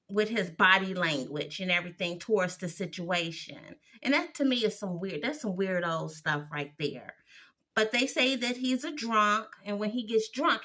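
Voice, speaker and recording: A woman's voice: medium pitch, bright, forceful tone. A woman giving a blunt, opinionated recap of a TV episode, exasperated and sassy as she talks it through.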